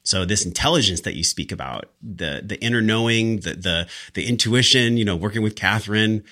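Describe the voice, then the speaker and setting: Deep, bright-toned man hosting a podcast. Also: expressive, fairly quick. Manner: reflective, motivational. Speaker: podcast host. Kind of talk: casual podcast conversation.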